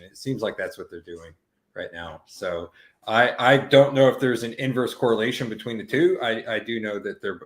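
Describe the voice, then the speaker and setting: A man chatting casually as a co-host, his voice sitting fairly low. He rambles through long stories, full of fillers and loose swearing. The sound has a noticeable room echo. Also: fairly quick. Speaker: podcast co-host. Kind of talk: casual chat.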